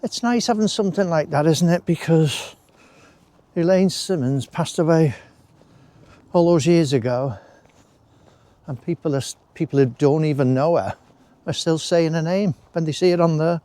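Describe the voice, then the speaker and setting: Man, mellow voice, dry close sound, casual rambling walk-and-talk. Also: fairly high pitch, normal speed, pauses often, dry recording. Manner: chatty, rambling, with friendly asides. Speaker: walking vlogger. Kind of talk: casual walking commentary. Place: outdoors in a wooded country park.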